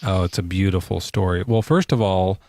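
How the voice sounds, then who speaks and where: A man co-hosting a casual live podcast chat, joking crudely and talking in an animated way. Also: sits low, brisk. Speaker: podcast co-host.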